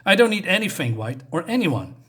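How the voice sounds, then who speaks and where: A man's voice: high voice, sing-song, brisk, a bit bright, husky, full character voice. A man reading as a weary, scornful Superman. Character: menacing male Superman turned cruel god. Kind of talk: comic book review vlog.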